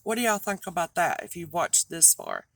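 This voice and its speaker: A woman's voice: fairly low pitch, huge pitch swings, moderate pace, creaky, fairly bright tone, no echo. Rambling woman with a Southern drawl. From North Carolina, US. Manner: rambling, chatty, trips over words. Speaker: online reseller and host. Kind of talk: rambling casual vlog chat.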